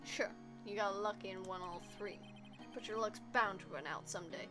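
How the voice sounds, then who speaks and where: A woman's voice: medium pitch, moderate pace, music in the background, natural voice. A woman doing a posh British prosecutor. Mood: condescending. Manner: curt, clipped and condescending. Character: cool arrogant young male prosecutor.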